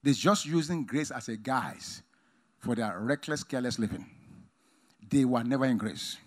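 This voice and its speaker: A man preaching a sermon emphatically, swinging between loud exclamations and quiet asides. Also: medium pitch, moderate pace. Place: conference hall.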